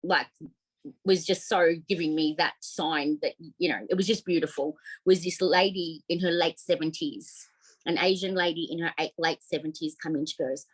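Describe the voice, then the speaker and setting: Heartfelt Australian woman, lower voice. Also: normal speed, husky, poor audio. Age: middle-aged. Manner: heartfelt, animated, many fillers. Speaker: podcast guest, op shop owner. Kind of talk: casual interview storytelling.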